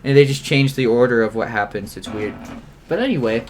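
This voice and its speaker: A young man playing a game with a friend, chatting casually, swearing often, and reading story passages aloud in a hushed voice. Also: medium pitch, a little fast, a little hiss or hum. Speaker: game player. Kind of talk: casual let's-play chat with reading aloud.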